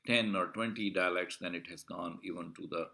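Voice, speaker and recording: Male lecturer, low voice, methodical explainer, repeats himself with hesitations. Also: fairly even intonation, sharp tone. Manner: deliberate, explanatory, repeats and rephrases points; frequent filler "uh" and restarts. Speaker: university lecturer. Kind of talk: recorded video lecture.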